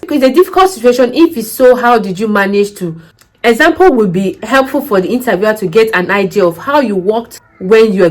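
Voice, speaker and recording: A woman's voice: medium pitch, poor audio. A woman, giving care job interview advice in a casual vlog. She tells stories, acts out the dialogue and asks emphatic questions.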